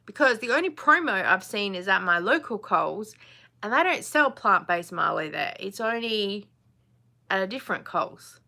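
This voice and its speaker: A woman's voice: mid-range voice, sing-song, normal speed, vocal fry, sharp tone. A woman, hosting a casual live chat, chatty and blunt, laughing often. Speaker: live stream host.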